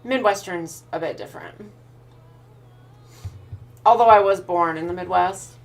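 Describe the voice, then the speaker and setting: Woman streamer, Pacific Northwest American accent, relaxed and unhurried, gravelly edge, faint music underneath. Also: lowish voice. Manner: relaxed, thinks aloud with restarts while reading chat. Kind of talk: casual chat answering viewers.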